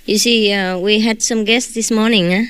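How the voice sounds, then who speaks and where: A woman who isn't a native English speaker gives an informal, joking talk to her followers as a spiritual teacher, often ending sentences with a questioning "huh?". Her mid-range voice is smooth and steady, at normal speed.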